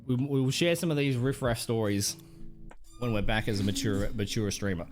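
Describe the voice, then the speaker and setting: A man's voice: mid-range voice, fairly even intonation, normal speed, over music. A young Australian man streaming live, rambling through casual stories with plenty of swearing. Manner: rambling, profane storytelling. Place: home streaming setup.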